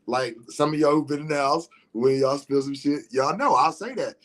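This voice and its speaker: A man's voice: fairly high pitch, normal speed, a bit bright. A man talking casually on his livestream, rambling and repeating "you know what I'm saying" as he explains his views. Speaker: livestream host.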